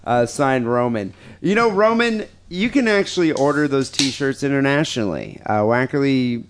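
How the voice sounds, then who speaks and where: A man's voice: mid-range voice, animated, moderate pace, a little hiss or hum. A man hosting a podcast, reading listener emails aloud with crude, profane, joking banter. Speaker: podcast host.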